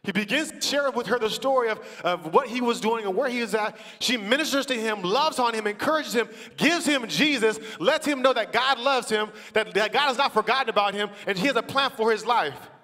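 A man with a high voice tells a story from a church stage, acting out the quotes and climbing into shouted praise. His voice rings through a big room with a long reverb. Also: expressive, brisk, few pauses. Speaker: church team member telling a story. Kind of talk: testimony preached from the stage. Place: large church auditorium.

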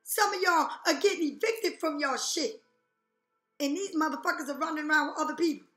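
A woman's voice: high-pitched, brisk, a bit bright, soft background music. A woman giving a tarot reading to her viewers, talking bluntly and profanely and firing rhetorical questions. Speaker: tarot reader. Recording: echoey room.

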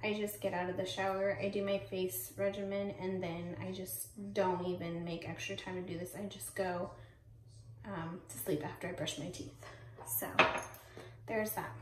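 A young adult woman from Texas, casually walking through her nighttime skin and hair routine and filling her pauses with ums. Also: medium pitch, slight background noise. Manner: chatty with frequent ums, self-correcting. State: pregnant. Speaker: vlogger. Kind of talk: casual product walkthrough. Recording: roomy, mic at a distance.

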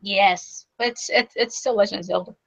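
A woman's voice: mid-range voice, steady tone, moderate pace, vocal fry, fairly bright tone, lo-fi sound. A woman co-hosting a podcast, chatting in a bubbly, casual way about her game pickups. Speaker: podcast co-host. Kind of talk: casual chat.

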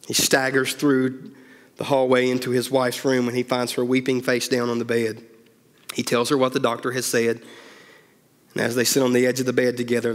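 A man's voice: medium pitch, in a large hall. A male pastor telling a story as part of a sermon, acting out each character's lines.

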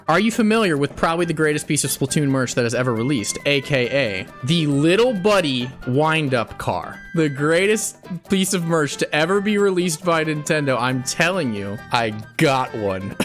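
This gaming streamer has a fairly high, rather bright voice and keeps up a playful stream of commentary while he plays live. He laughs in frequent bursts, clowns around, and jokes with pretend threats.

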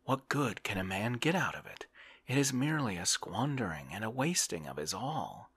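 A man voicing a lazy, reflective gentleman in a whispered role-play, musing in a mildly weary way. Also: on the low side, very animated, normal speed, husky, pitched above the performer's own voice, heavily acted.

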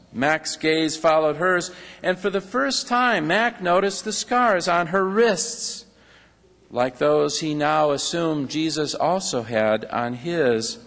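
A man preaching a sermon as pastor, slow and earnest, reading passages from a book aloud. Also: fairly high pitch, a bit bright, in a large hall.

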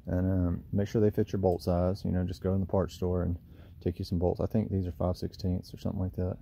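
A man's voice: low voice, little pitch movement, brisk, creaky, dark tone, slightly rough. A man with a Southern US accent, rambling in a folksy, self-deprecating way as he walks through a DIY project outdoors by his trailer, recorded on a camera mic. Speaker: lawn care business owner. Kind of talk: casual DIY how-to vlog.

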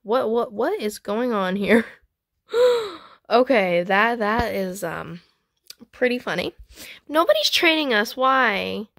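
A woman hosting a gaming channel, chatting excitedly as she trades in a game, with frequent gasps and squeals. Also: fairly high pitch, takes it slowly, pauses often, dry recording, studio quality. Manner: chatty, talks to viewers and other players. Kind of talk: playing a trading game while commenting casually.

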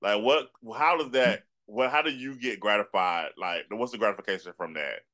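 Bright-voiced male interview host. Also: lowish voice, normal speed. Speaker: podcast host. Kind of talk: casual interview chat.

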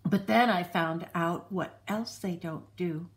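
A woman storyteller reading a children's storybook aloud in an unhurried, expressive way. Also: lowish voice.

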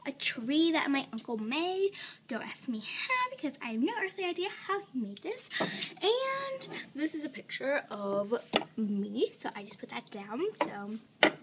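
Chatty high-voiced girl filming a room tour. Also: a bit bright, a little hiss or hum. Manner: chatty, rambling, with many fillers and joking asides. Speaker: vlogger. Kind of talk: casual room tour vlog. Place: bedroom at home. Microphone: handheld phone.

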